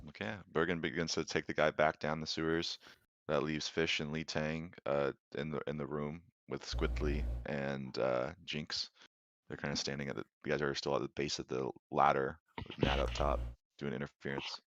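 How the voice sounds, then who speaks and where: A man with a very low, rumbling voice narrates a tabletop role-playing game as dungeon master. He talks in a loose, rambling way full of ums and uhs. The sound is dry and a little dull, like a lo-fi stream mic. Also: little pitch movement, normal speed, a bit bright, no echo. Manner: rambling, filler-heavy, laid-back.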